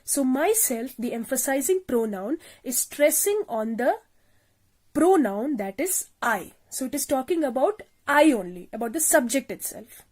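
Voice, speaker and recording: A woman's voice: high voice, animated, measured pace, a little mellow. A woman teacher giving a recorded grammar lesson, explaining step by step, repeating points and asking the class questions. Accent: South Asian English.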